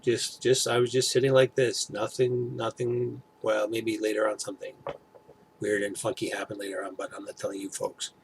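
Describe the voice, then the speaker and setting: Gravelly middle-aged guy rambling. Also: on the low side, little pitch movement, slight background noise. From Toronto area, Canada. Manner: rambling, halting, many fillers and restarts. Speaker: vlogger. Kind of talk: casual chat to camera.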